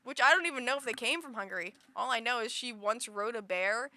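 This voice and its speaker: Woman streamer, bright voice, loose rambling chatter with giggles. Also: a little high, fast, dry recording. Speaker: livestreamer. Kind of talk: casual chat with stream viewers.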